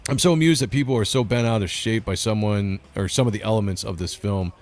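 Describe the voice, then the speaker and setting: A man's voice: lowish voice, fast, darkish tone, faint music behind. A man hosting a casual livestream, reading chat comments and giving blunt opinions. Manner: blunt, opinionated, laughs often. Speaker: host reading live chat.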